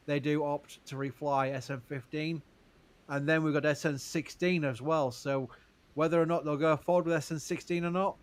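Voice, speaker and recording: A man hosts a casual live-stream Q&A, reading viewer questions aloud. His voice sits somewhat high. He answers with care, stresses what he doesn't know, and breaks into short laughs between points.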